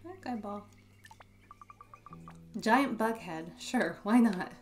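A woman giving casual let's play commentary in quiet, muttered asides. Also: medium pitch, expressive, slow pace, faint music behind.

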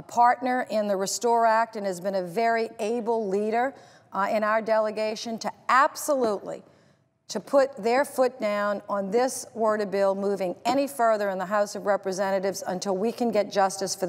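A woman's voice: fairly high pitch, long reverb tail. A woman from Louisiana who serves as a senator, giving an impassioned, emphatic political speech.

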